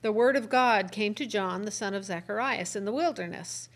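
A woman reading Bible passages aloud during a Bible study, steady and measured. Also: medium pitch. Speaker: scripture reader in Bible study.

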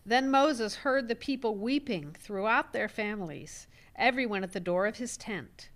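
A woman reading scripture aloud in a Bible study, with a clear and expressive delivery. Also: a little high, normal speed.

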